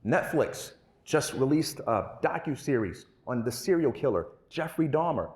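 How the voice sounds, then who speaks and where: Guy giving a conference talk, animated storyteller, echoey hall. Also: medium pitch, a little slow. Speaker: conference speaker. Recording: roomy hall echo.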